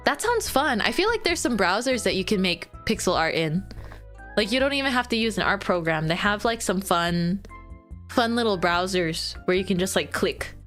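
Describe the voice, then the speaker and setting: A young woman streamer in casual chat with her viewers, giggly and animated, squealing when she quotes herself. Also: medium pitch, moderate pace, soft background music.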